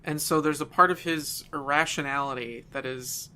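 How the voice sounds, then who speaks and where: A man's voice: a little high, steady tone, moderate pace, bright, forceful tone. A man on a podcast explaining a point earnestly and at length. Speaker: podcast co-host. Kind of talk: casual chat.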